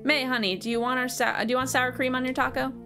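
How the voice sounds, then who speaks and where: A woman's voice: high voice, flat delivery, quick pace, sharp tone, faint music behind, pitched above the performer's own voice. Woman playing a doting mom, raised sing-song voice, sweet, game dialogue. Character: cheerful doting mother.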